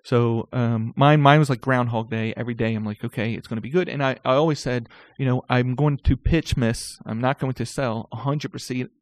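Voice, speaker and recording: A man at middle pitch tells a story with lots of animation, stammering and restarting as his thoughts run ahead. The sound is close and dry, with no room to speak of. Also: fairly even intonation, a little fast, hardly any pauses, no room sound. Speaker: guest recounting sales career. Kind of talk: casual storytelling.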